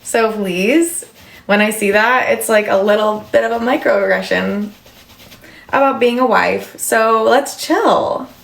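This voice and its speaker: A woman in her thirties chats casually on a livestream and answers viewers' comments as they come in. Her talk is loose and full of fillers, at a middle pitch. The room around her is echoey. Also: unhurried, vocal fry. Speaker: livestream host.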